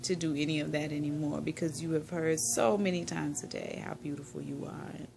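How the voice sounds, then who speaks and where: Woman, low gravelly voice, soft heartfelt reflection with whispery moments, noisy outdoor-style background. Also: steady tone, fairly quick. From Tennessee, USA. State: emotional, near tears. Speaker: vlogger. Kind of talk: reflective personal monologue.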